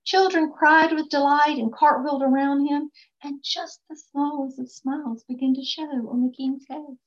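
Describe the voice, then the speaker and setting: Woman reading a storybook aloud. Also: high voice. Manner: expressive, slow and emphatic. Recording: dull lo-fi recording.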